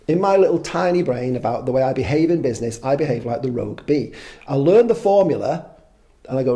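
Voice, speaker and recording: A man's voice: medium pitch, animated, quick pace, dark tone. A man in his fifties, a podcast guest, chatting casually in a rambling way, swearing freely and making fun of himself. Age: 50s. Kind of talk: casual conversation.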